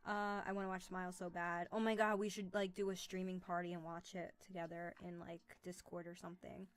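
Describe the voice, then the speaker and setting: A woman's voice: fairly low pitch, flat delivery, brisk, clean tone. A young woman chatting casually on a live stream from home, rambling with many fillers.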